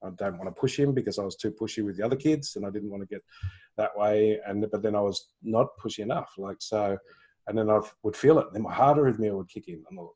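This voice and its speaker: A man's voice: on the low side, fast talker, mellow, breathy edge. A middle-aged man coaching a client in a live intuitive reading, telling stories earnestly and acting out his own inner voice. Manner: earnest, reflective storytelling with quoted inner speech.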